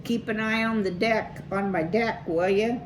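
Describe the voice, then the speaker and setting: A woman's voice: mid-range voice, steady tone, measured pace, noisy background, pitched above the performer's own voice, lightly acted. A woman reading aloud, voicing a cool young female mouse musician with slangy, upbeat talk. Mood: breezy.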